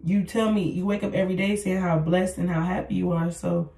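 A woman's voice: on the low side, steady tone, fairly quick, gravelly, mellow. A woman hosting a podcast, talking bluntly in a casual motivational monologue, repeating her points and swearing freely. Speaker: podcast host. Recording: echoey room, voice far from mic.

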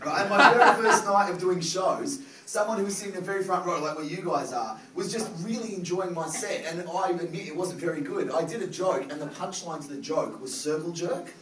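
A man in his thirties with an Australian accent doing a stand-up comedy set, loud and animated, swearing through his rants. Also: sits high, brisk, hardly any pauses. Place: comedy club stage with audience. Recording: roomy live venue, crowd, from far off.

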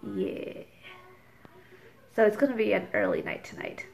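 A woman's voice: medium pitch, wildly swooping pitch, unhurried, vocal fry. A woman chatting casually to camera in a vlog, rambling with lots of fillers, recorded on a handheld phone in a parked car. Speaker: vlogger and expectant mother.

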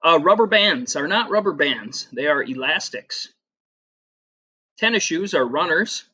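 A man's voice: a little high, lively intonation, unhurried, pushed and bright, slightly rough. A man from the United States in his thirties, teaching a casual geography lesson with frequent fillers and personal stories. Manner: chatty, rambling, with filler words and personal anecdotes. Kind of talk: casual classroom video lesson.

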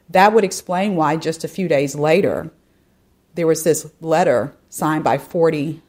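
This podcast host has a low, slightly mellow voice as she reads out a news item and discusses it in a relaxed, talkative way. Turning directly to her audience, she leans on "you know" and frequent asides.

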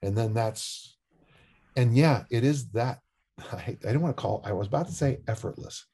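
An older man with a husky, slightly breathy voice at an average pitch, talking as a coach on a podcast. He tells stories in an animated, joking way. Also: normal speed. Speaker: strength coach and discus coach. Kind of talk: podcast interview.

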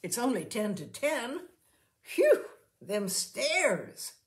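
A woman's voice: mid-range voice, very animated, unhurried. Woman putting on a grumbling older washroom attendant. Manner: complaining, puffing and moaning.

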